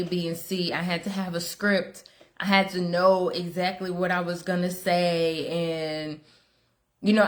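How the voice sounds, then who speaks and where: A woman's voice: on the low side, a bit bright. A woman in her thirties giving a candid personal testimony, chatty and self-deprecating, with frequent laughs and acted-out quotes of her own thoughts. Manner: rambling with fillers and quoted inner dialogue. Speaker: guest speaker telling her faith story.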